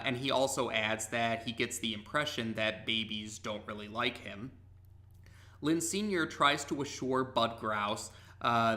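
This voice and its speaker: Very bright-toned man recapping, halting. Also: mid-range voice. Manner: halting, many ums and uhs, self-corrects; methodical, step-by-step retelling. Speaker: cartoon episode recapper. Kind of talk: unscripted plot recap.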